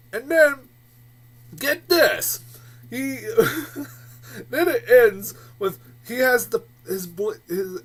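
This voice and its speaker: A man giving a casual, rambling movie review vlog, swearing freely, laughing often and getting loud and worked up. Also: sits high, husky.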